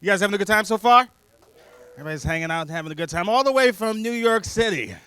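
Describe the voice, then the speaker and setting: A man doing a stand-up comedy set, animated and full of voices, on a handheld stage mic. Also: sits high, fast talker, smooth, no echo. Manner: animated, lots of character voices.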